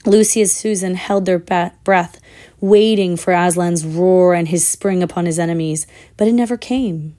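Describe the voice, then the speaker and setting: A woman reading a children's fantasy book aloud in a measured, expressive way, with the odd slip. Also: on the low side. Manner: measured, expressive, with small slips. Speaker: storyteller.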